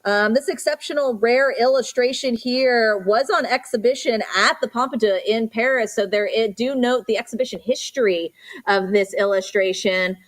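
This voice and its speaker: A woman working as an auctioneer at a live auction, rattling off repeated bid calls and slowing down to describe each lot. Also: a little high. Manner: rapid repetitive bid calls mixed with slower item descriptions. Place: auction studio for a livestream.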